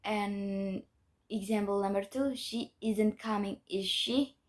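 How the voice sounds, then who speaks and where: A woman's voice: mid-range voice, steady tone, slow. A young woman, a student, reading a grammar lesson aloud in a careful, methodical way with small restarts. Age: young adult. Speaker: student presenter.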